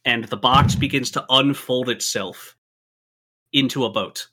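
A man narrating a tabletop game as game master, in a relaxed way with frequent fillers. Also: mid-range voice, measured pace, a little hiss or hum.

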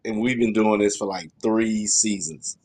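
A man's voice: fairly low pitch, fairly even intonation, measured pace, vocal fry, darkish tone. A man co-hosting a casual comedic podcast, bluntly teasing his partner and laughing as he questions him. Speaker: podcast co-host.

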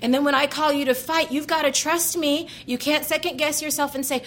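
A woman speaks with earnest conviction, exhorting her listeners in a faith conversation. Her voice sits fairly high. A faint hiss lies underneath. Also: steady tone, brisk, a bit bright. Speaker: conference speaker, guest.

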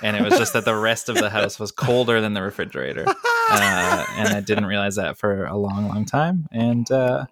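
Halting self-deprecating podcast co-host, low voice. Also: male voice, wildly swooping pitch, fairly bright tone. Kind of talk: casual podcast banter.

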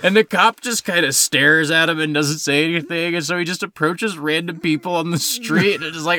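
A man co-hosting a podcast, chatting casually about films, animated, swearing freely and laughing often. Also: a little high, fairly quick, few pauses. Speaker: podcast co-host. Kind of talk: casual film discussion.

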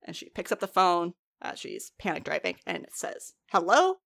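A woman's voice: lowish voice, normal speed, creaky. A young woman chatting casually, recapping a TV episode with lots of swearing and laughter. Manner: animated, swears freely, laughs often.

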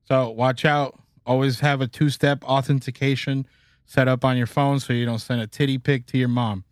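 A man hosting a podcast, running through horror news with excitable, self-mocking, foul-mouthed chatter. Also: mid-range voice, no room sound, studio quality. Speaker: podcast host. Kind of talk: casual banter reading news items.

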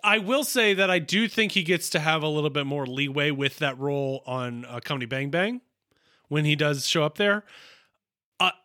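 A man co-hosting a podcast, chatty and quick to laugh as he reacts to an episode. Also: on the high side, animated, sharp tone, no echo, clean studio sound. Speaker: podcast co-host. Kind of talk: casual episode recap.

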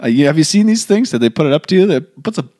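A man in a casual conversation, joking and telling animated stories. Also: fairly high pitch, quick pace, dry recording, clean studio sound.

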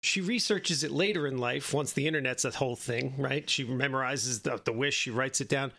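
A man's voice: mid-range voice, a little fast, creaky, bright, forceful tone. A man co-hosting a podcast, telling a long story in a casual, rambling way and often checking in with "right?". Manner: rambling, keeps adding "right?". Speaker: podcast co-host.

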